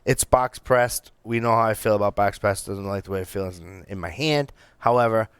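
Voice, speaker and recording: A man co-hosting a cigar podcast, talking in a casual, animated, rambling way with many restarts. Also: lowish voice, normal speed, smooth, dry recording. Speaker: podcast co-host reviewing cigars. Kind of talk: casual chat.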